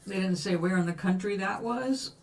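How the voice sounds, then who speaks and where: A woman's voice: medium pitch, moderate pace. An older woman chatting casually on a livestream as she paints, musing aloud and answering viewers' questions. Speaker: livestream host. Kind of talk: casual chat while painting.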